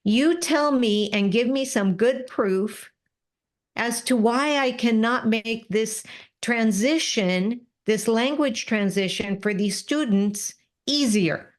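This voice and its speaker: A woman guest in an interview, telling stories in a lively, animated way and acting out what people said. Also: a little high, slow pace. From Spanish-speaking family. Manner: lively, animated, acts out quoted exchanges. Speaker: interview guest, business coach. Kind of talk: casual storytelling.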